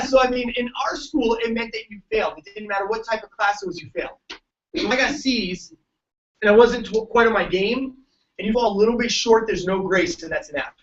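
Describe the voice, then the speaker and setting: Man, high voice, motivational speaker, laughing storyteller, dull distant recording. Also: fairly quick, a little hiss or hum. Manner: joking, tells stories, laughs often. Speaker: keynote speaker. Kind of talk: motivational talk to students. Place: large event room.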